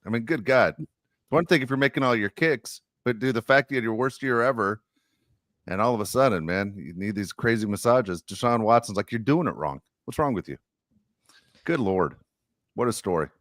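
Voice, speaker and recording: A man's voice: medium pitch, fairly quick, a bit bright, no echo, clean studio sound. A man hosting a casual sports podcast, joking and rambling with plenty of fillers. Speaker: podcast host.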